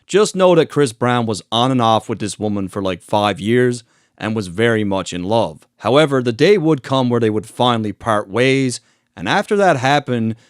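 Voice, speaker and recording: A man talks through a commentary video in a relaxed, conversational voice, dropping the odd swear word. His voice sits at an ordinary middle pitch. The sound is close and dry, with no room echo. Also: normal speed. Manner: conversational, swearing, reads quotes aloud. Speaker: commentary channel host. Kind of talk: casual commentary narration.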